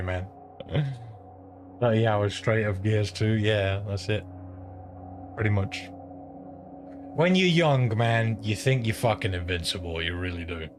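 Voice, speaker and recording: A man streaming a game, telling a long story in rambling, profane casual chat. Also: fairly low pitch. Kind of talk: casual chat while gaming. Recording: steady background noise.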